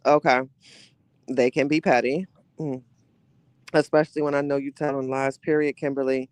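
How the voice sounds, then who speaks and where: Chatty man with a slightly high voice. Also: clean tone, no room sound. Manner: reads viewer comments aloud and reacts, laughing often; gossipy and chatty, with slangy asides. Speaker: podcast host reading live chat. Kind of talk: casual live-stream chat.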